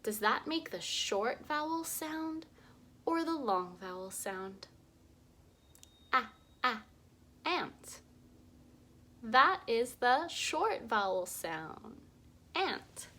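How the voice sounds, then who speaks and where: A woman teaching young children to read, sounding out vowels slowly and with exaggerated emphasis. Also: on the high side, big pitch swings, sharp tone, a little hiss or hum. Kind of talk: early reading lesson for young children.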